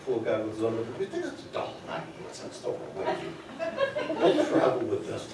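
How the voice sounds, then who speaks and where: A man's voice: mid-range voice, huge pitch swings, brisk, very noisy. A man telling a story live on a theater stage, chatting with the audience through asides. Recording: echoey theater from far off.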